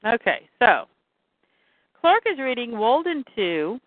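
A woman in casual chat, reading reference notes aloud in an even, explaining tone. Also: on the high side, takes it slowly, no room sound. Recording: dry tinny phone-like sound.

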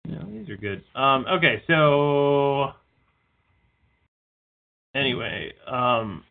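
A man's voice: medium pitch, animated, takes it slowly, vocal fry. A man co-hosting a podcast in casual, rambling chat, swearing freely and leaning on "like" a lot. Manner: rambling, swears often, leans on "like". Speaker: podcast co-host. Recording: tinny phone-like line.

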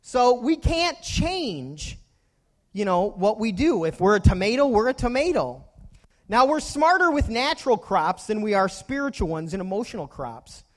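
A very high-voiced pastor delivers a sermon at normal speed, his pitch swinging widely, as he mixes homespun stories with questions aimed straight at his congregation.

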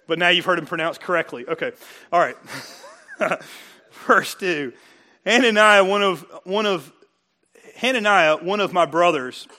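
A man preaching a sermon, animated and joking, building to excited emphasis. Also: high-pitched. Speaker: pastor.

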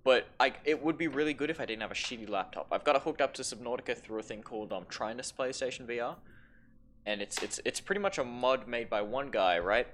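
A man's voice: mid-range voice, animated, fast, a bit bright, slight background noise. Rambling young man, casual swearing. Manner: rambling, swears a lot, stammers restarts. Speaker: podcast co-host. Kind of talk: casual chat.

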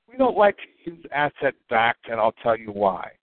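A man giving a rambling, animated explainer monologue, acting out people's reactions and rising in pitch for emphasis. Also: normal speed. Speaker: crypto token promoter. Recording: tinny phone-like, dry sound.

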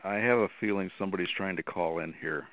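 A man's voice: low-pitched, fast, dry recording. A man calling in to a talk show, ranting indignantly about wasted government money. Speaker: regular caller. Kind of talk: call-in commentary. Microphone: phone. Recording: tinny phone line.

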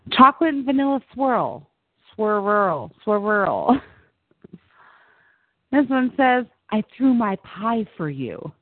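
A woman's voice: lowish voice, gravelly, dry recording. Woman host, casual chat, chatty, giggly, tinny phone-like sound, dry. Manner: chatty, laughs often, repeats words. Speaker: show host.

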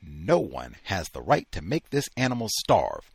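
Gruff, husky older kennel man, furious and fed up with humanity, swinging wildly in pitch as a man reads him aloud. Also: wildly swooping pitch, a little slow, no room sound, full character voice. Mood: yelling. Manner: gruff, shouting, then forced restraint.

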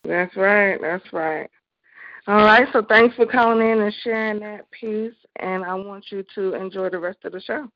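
A woman hosting a live poetry call-in show, encouraging and unhurried as she talks with callers. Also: mid-range voice, no echo. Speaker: host of an online poetry show. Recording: dull, lo-fi online stream.

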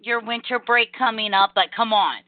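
A young adult woman hosting a casual podcast, talking in fast energetic rambles and acting out quotes. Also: fairly high pitch, no echo. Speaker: podcast host. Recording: tinny phone-line call audio.

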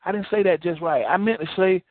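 A man's voice: high-pitched, fast talker, no echo, voice pushed up, lightly acted. A man voicing a grown man who pleads and begs someone to come back, whiny and stammering, heard over a tinny phone-like line. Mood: pleading.

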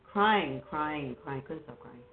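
A woman guest talking casually and haltingly about her life, with many fillers and restarts. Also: deep voice, expressive. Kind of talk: casual personal conversation. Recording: phone-like line with faint noise.

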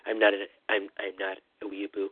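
A man doing a comic impression of a rambling, boastful male president, calling in over a phone line with a husky voice. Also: on the low side, completely flat delivery, a little fast, dry recording. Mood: blustering. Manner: rambling, repetitive "listen", boastful bluster. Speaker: comedy caller. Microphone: phone call-in. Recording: tinny phone line, dry.

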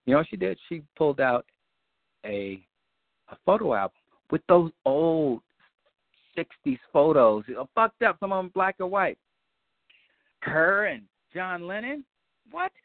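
A man on a community call, telling a long story in a loose, profane way and acting out scenes with high-pitched quotes. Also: very animated, measured pace, gravelly, pauses often, no echo. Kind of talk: animated storytelling chat. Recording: dry, phone-like line.

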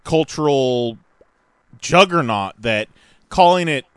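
Jokey man with a lively voice. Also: mid-range voice, takes it slowly, clear, resonant tone, no room sound. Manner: jokey, argumentative. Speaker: podcast co-host. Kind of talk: casual chat.

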